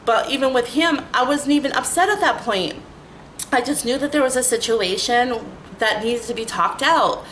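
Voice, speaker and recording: A middle-aged woman telling a rambling, animated story in a casual vlog, full of "like" and restarts. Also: high-pitched, normal speed, a little hiss or hum, low-quality recording. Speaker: storytelling vlogger.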